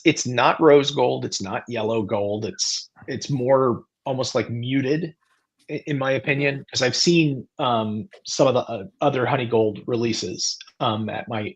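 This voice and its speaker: A man with a husky voice, rambling with many restarts in a casual live-stream chat. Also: medium pitch, highs cut off. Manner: rambling, full of restarts and fillers.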